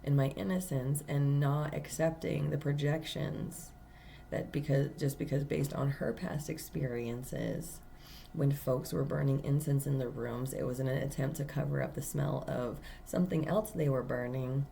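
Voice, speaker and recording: A low-pitched woman talks through a personal story in a casual spiritual monologue, earnest and emphatic, with plenty of fillers and restarts. A faint hiss of noise sits under her voice. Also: steady tone, moderate pace, creaky, warm tone. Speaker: tarot reader.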